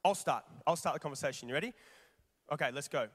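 A man with a notably high voice preaches a lively, conversational sermon, firing rhetorical questions at his congregation. His voice rings out with the long reverb of a large church hall. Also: fast talker.

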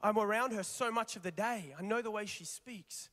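A man preaching a sermon, animated and conversational, putting rhetorical questions to his congregation. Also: high voice, normal speed. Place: large church hall. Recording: long reverb of a large hall.

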